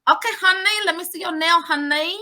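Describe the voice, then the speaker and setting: A woman's voice: very high-pitched, a little fast, pushed and bright, voice pushed up, heavily acted. A woman putting on the voice of a chatty female nail salon worker who talks in clipped broken phrases and calls everyone honey. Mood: bossy, chatty.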